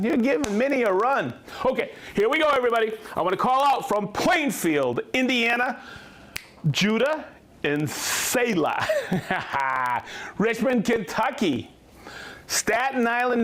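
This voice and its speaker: A man's voice: high-pitched, fairly bright tone. A man hosting a live product stream, chatty and upbeat, demonstrating tools and reading out viewers' hometowns. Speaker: host of a company livestream. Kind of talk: live product demo and viewer shout-outs.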